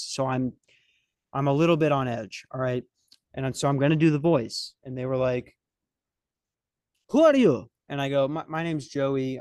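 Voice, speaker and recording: A man's voice: mid-range voice, dry recording. A young man hosting a podcast, telling a comic story in a rambling, profane, self-mocking way. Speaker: podcast host. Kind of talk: comedic storytelling chat.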